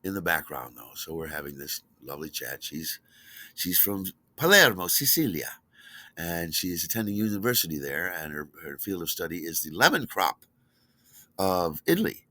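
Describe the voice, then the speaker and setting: Man telling a story, bright voice, swoops up and down, dry close sound. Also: moderate pace, no room sound. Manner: animated, delighted, acts out quotes with big pitch jumps. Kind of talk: casual spoken storytelling.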